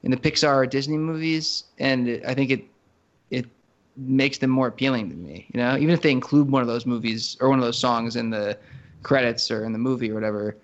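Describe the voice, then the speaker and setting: A man co-hosting a podcast, chatting casually in a rambling, animated way, full of fillers and restarts. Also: medium pitch, fairly quick, dull audio. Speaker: podcast co-host. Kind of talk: casual chat.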